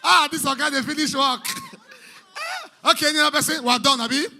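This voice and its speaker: Loud, high-pitched Nigerian MC man. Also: steady tone, a little fast, heavy background noise. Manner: loud, playful, sing-song. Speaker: master of ceremonies. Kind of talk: hyping a party crowd with pidgin banter.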